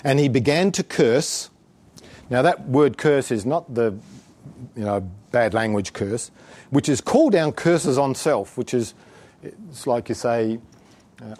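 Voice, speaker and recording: A man's voice: mid-range voice, expressive, moderate pace, a little mellow. A man preaching a sermon in an emphatic, exhortative way, chuckling often as he talks.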